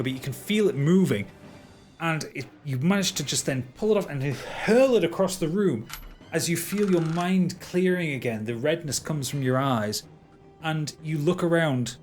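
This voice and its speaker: A man's voice: fairly high pitch, animated, normal speed, faint music behind. A man narrating as dungeon master, stumbling and repeating words as he describes the action. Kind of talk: narrating a tabletop game.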